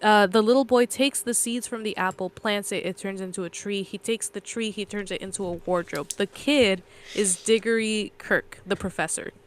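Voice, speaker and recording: A woman's voice: mid-range voice, fairly even intonation, normal speed, a little hiss or hum. A woman co-hosting a podcast, casually retelling a story in a loose, rambling way with fillers and self-corrections. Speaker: podcast co-host.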